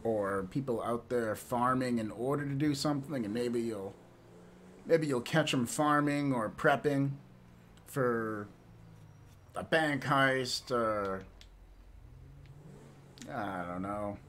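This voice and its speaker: A man's voice: medium pitch, slow, long pauses, a bit bright, slight background noise. A man streaming and chatting casually with viewers, rambling and laughing often, with some swearing.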